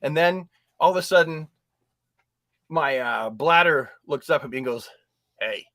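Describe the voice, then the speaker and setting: Bright, animated man telling stories. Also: fairly high pitch, normal speed, no room sound. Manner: animated storyteller, swears freely. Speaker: podcast host, movie reviewer. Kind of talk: casual comedic chat.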